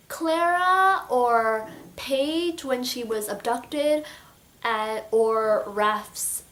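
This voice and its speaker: A young adult woman chatting excitedly about a book in a casual vlog, full of filler words. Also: high-pitched, slow. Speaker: book reviewer.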